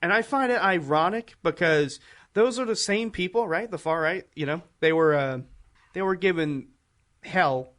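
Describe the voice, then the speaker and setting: A man's voice: sits high, moderate pace, a bit bright. A man co-hosting a podcast, recounting a story casually with hesitant restarts. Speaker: podcast co-host. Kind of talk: casual chat.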